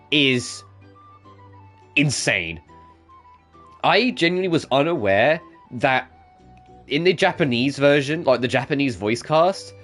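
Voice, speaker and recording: A man's voice: fairly high pitch, fairly bright tone. Chatty, swearing male game streamer. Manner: chatty, swearing, laughing often. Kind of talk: casual gameplay commentary. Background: game music.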